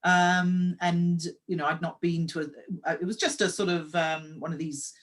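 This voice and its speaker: A woman's voice: lowish voice, fairly even intonation, normal speed. A woman hosting a conversation, affirming her guest and sharing her own stories. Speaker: host and story coach. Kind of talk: casual interview conversation.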